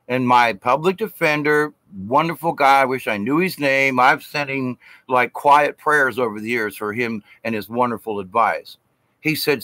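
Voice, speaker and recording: A man's voice: mid-range voice, a little slow, bright, forceful tone, dry recording. A man telling a story in a casual vlog. He rambles from point to point and hits his words with emphasis. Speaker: vlogger.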